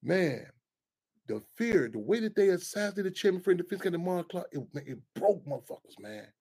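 A man hosts a call-in radio show in a fairly high voice. He talks in an animated, profane ramble, circling back and restarting his sentences as he goes. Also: fairly quick, husky.

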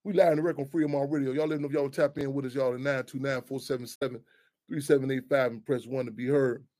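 A middle-aged man hosting a talk radio show, animated and heated, swearing freely. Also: medium pitch, quick pace. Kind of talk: casual talk radio monologue.

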